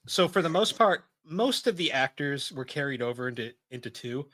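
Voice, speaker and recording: A male podcast co-host with a bright, forceful voice, chatting casually and cracking jokes. His sound is close and dry, with no room around it. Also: medium pitch, lively intonation, normal speed, no echo. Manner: jokey, laughs mid-sentence, acts out quotes.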